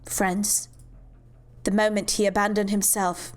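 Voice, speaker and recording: A woman's voice: mid-range voice, level tone, measured pace, natural voice. A woman doing a curt, hard-nosed cop. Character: blunt hard-nosed male police officer. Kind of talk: voicing game cutscenes.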